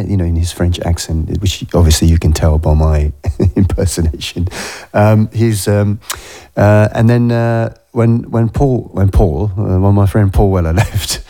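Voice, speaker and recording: A man's voice: low-pitched, normal speed, dark tone. A man hosting a radio show, chatting casually and rambling with frequent self-corrections. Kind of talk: casual on-air chat.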